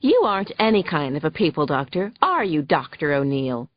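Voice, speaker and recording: A woman's voice: low-pitched, big pitch swings, normal speed, no room sound, lo-fi sound. A woman voicing a snide, huffy female attorney who fires badgering questions in an audiobook. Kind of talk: audiobook character voice.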